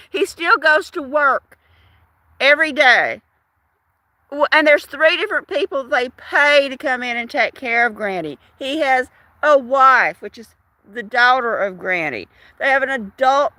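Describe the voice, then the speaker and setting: A woman's voice: high-pitched, sharp tone, no room sound. A woman host on a livestream, ranting in an indignant, emphatic, casual way. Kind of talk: casual ranting live chat.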